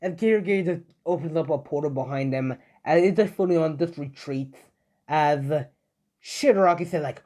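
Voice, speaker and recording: A man's voice: on the high side, normal speed, a little mellow. Young man, improvised fan story narration, rambling, lots of fillers, self-correcting.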